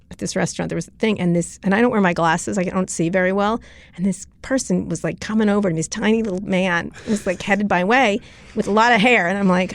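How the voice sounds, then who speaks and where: Fast, gravelly woman guest, blunt. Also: medium pitch, no echo. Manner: blunt, rapid storytelling with profanity. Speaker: interview guest. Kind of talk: casual interview talk.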